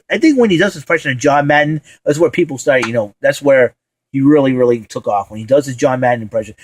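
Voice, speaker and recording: A man's voice: mid-range voice, slight background noise, rough recording. Rambling man hosting a casual vlog. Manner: rambling, many fillers, enthusiastic. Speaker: show host. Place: at home.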